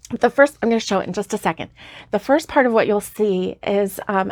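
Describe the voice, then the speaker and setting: Talking to viewers from her home craft room, a woman in her 50s rambles about her crochet projects, giggling, using plenty of fillers, and yawning now and then as if a little sleepy. Her pitch is medium, and the studio-quality recording has no room sound.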